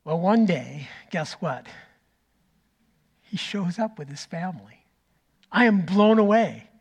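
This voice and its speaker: A middle-aged man preaching a sermon as pastor, telling a story that swings from loud to nearly whispered. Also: sits high, expressive, slow pace, gravelly, breathy edge. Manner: storytelling, rising loud then dropping to a near whisper.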